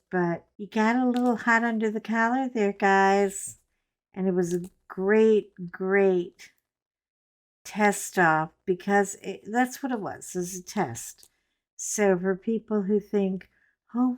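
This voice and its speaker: A middle-aged woman talks to her viewers at an unhurried, drawn-out pace while she works on a coloring page. She rambles from story to story with a joking aside here and there. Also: mid-range voice, a little mellow. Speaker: coloring vlogger. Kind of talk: casual chat while coloring.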